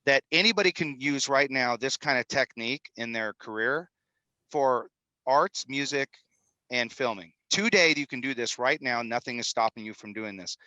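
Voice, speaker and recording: A man in his fifties speaks as an interview guest with a bright, forceful tone. He talks energetically, rambling from point to point with a salesman's push. The recording is dry and close. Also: mid-range voice, moderate pace, no echo, muffled recording. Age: 50s. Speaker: guest, film executive producer. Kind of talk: animated podcast interview talk. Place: studio in Utah.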